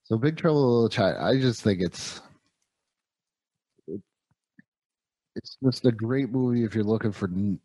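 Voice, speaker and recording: A man's voice: on the low side, normal speed, long pauses, warm tone, slightly rough, no echo. A man hosting a casual movie review podcast, rambling enthusiastically about action heroes. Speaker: podcast host.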